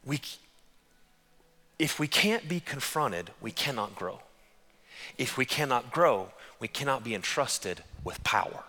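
A man preaching a sermon as pastor, telling stories in an animated, conversational way. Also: medium pitch, unhurried, long pauses, long reverb tail.

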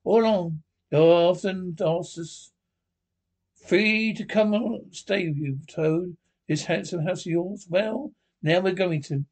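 Man reading as a grave, commanding old badger in a storybook, raised gravelly pitch. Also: slow, darkish tone, heavily acted. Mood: stern. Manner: lecturing, firm. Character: stern elderly male badger, grave and commanding.

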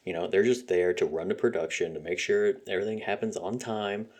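A man's voice: low-pitched, a little fast, darkish tone, slightly rough. A man hosting a solo podcast, ranting heatedly with constant swearing, fillers and sarcastic laughs. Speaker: podcast host.

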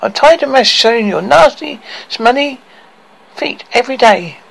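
A man putting on shrill furious Lily White. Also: expressive, moderate pace, vocal fry, heavily acted, rough recording. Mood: exasperated. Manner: shrill yelling, exasperated complaining. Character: fed-up young woman, shrill and indignant.

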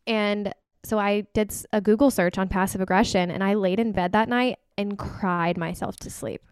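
A woman with a smooth, clear voice of middling pitch hosts a casual podcast chat, candid as she tells personal stories. The recording is dry and close. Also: steady tone, normal speed, no room sound. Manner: candid, storytelling. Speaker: podcast host.

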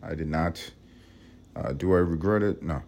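A man from Harlem with a vocal-fry voice, rambling casually and profanely in a room at home early in the morning. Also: moderate pace, a little mellow, a little hiss or hum. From Harlem, New York. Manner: rambling, profane, low-key. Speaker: podcast host.

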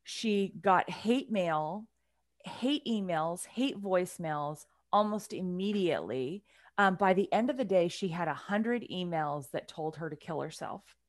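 A woman on a podcast telling a story in a casual, animated way, with her voice swinging from loud to hushed. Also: fairly low pitch, measured pace, no room sound, clean studio sound.

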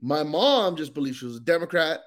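A man's voice: on the high side, very animated, brisk. A man, a comedian guest on a podcast, in casual chat, slangy and saying "bro" a lot.

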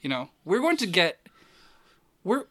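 A photographer telling a long story in a casual, rambling way, with many restarts and fillers. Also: male voice, high-pitched, sing-song, a little slow, fairly bright tone, no echo.

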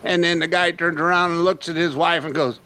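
A man's voice: a little high, fairly even intonation, a little fast, sharp tone. A man co-hosting a casual podcast, telling an old joke with loose, laughing banter. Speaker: podcast co-host. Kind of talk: casual chat.

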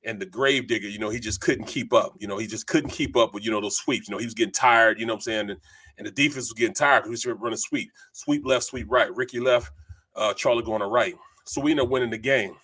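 On his sports talk show, a middle-aged former lineman launches into animated, digressive stories loaded with filler words. His voice is lowish and husky, and he talks quickly.

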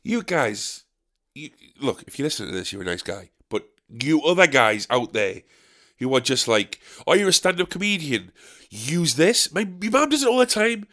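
A man's voice: medium pitch, sing-song, normal speed, fairly bright tone. A man, a stand-up comedian, telling a story in an exasperated, ranting way and swearing freely. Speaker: stand-up comedian and pub quiz host. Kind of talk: casual storytelling monologue.

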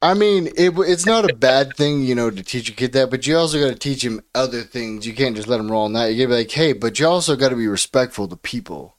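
A man co-hosting a relaxed podcast chat, wandering through his thoughts with lots of fillers. His voice sits at an ordinary middle pitch. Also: fast, hardly any pauses. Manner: rambling, full of "like" and "you know". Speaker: podcast co-host. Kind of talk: casual chat.

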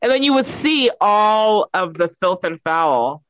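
High bright-voiced guy cohosting a podcast, jokey, laughs a lot, dry mic. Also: a little slow, no room sound. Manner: animated, joking, laughs often. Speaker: podcast co-host. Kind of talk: casual comedic chat.

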